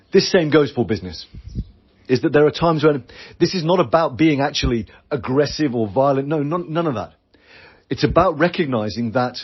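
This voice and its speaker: A man's voice: mid-range voice, breathy edge, highs cut off. A British man hosting a solo business podcast, talking earnestly and acting out quoted voices. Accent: British English. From Britain. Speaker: podcast host. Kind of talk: solo podcast coaching talk.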